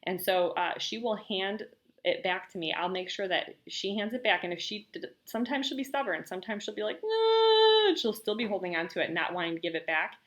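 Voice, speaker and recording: A young woman giving parenting advice in an earnest, gentle, explanatory way, now and then acting out what she and her toddler say. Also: mid-range voice, fairly quick. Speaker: parenting teacher.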